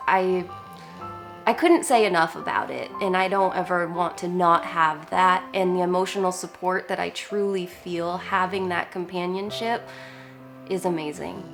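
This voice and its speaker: A woman speaking earnestly about her bond with rescue animals in a documentary interview. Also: fairly low pitch. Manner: earnest, heartfelt.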